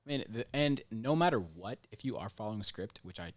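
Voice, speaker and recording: Brisk, confident man talking sales. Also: on the low side, animated, no room sound. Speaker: guest sales expert. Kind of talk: casual chat about sales.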